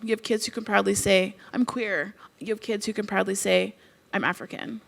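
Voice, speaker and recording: A middle-aged woman from Canada giving a conference keynote, telling stories in a conversational, expressive way. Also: on the high side. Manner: expressive storytelling, conversational with frequent "like". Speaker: keynote speaker.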